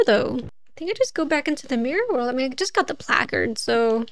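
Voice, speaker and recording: High-voiced chatty woman streamer. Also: animated, fast talker, vocal fry, dry recording. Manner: chatty, thinks aloud, laughs often. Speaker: game streamer. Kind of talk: casual gameplay commentary.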